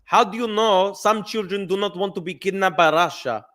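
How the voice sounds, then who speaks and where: A man putting on a slow, exaggerated accent to mock a male politician from Cyprus. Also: sits high, bright, forceful tone, slight background noise, pitched above the performer's own voice. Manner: mocking impression, slow and exaggerated.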